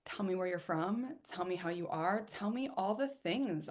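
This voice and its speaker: A woman's voice: medium pitch, animated, moderate pace, few pauses. A woman from Ohio hosting a live webinar, talking in an enthusiastic, chatty way and often repeating herself. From Ohio, USA. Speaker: webinar host and coach.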